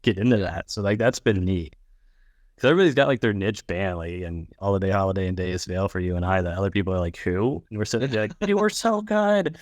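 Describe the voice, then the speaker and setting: Male podcast guest, low-ish voice, dry sound, animated and sarcastic. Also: fast, dry recording. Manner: animated, sarcastic, jumps up in pitch. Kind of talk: casual chat.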